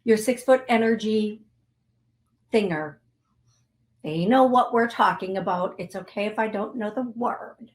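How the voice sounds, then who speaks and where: A woman hosting a psychic medium show, giving a reading and then leading listeners through a slow guided energy clearing with soothing, affirming repetition. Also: mid-range voice. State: briefly tearful.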